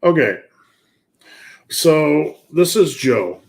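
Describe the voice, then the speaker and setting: A man's voice: on the high side, very animated, extremely slow, a little mellow. A man hosting a live fitness Q&A stream, chatting casually and asking himself rhetorical questions.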